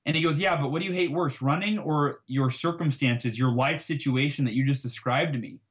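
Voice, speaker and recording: A man telling a personal story as an interview guest, acting out past conversations with lively emphasis. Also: on the high side, fairly quick. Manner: animated, reenacts dialogue with emphasis.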